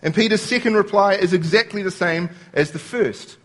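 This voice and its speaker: A man's voice: high voice, moderate pace, a bit bright. A man preaching a sermon, explaining scripture word by word and quoting lines as he goes.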